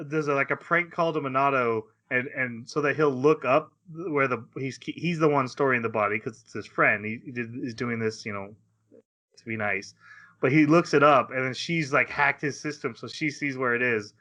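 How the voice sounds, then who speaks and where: A man's voice: medium pitch, normal speed, bright, forceful tone. A man co-hosting a podcast, casually retelling an anime episode in a rambling way, acting out lines and laughing. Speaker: podcast co-host. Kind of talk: casual anime recap chat.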